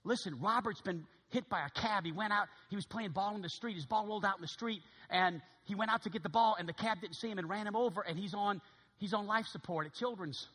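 A worried old grandmother pleading in a hushed voice, as a man puts her on. The tone is bright and slightly husky, and a long echo hangs behind it. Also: high-pitched, fast, full character voice.

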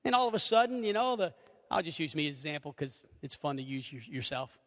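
A middle-aged man preaching a sermon, animated, acting out little conversations and swinging between loud and hushed. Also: a little high, fast talker. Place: church sanctuary. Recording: reverberant hall.

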